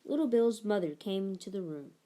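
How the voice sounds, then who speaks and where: A woman narrating a children's picture book aloud in an expressive storytelling manner. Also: mid-range voice, fairly quick. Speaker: storybook reader.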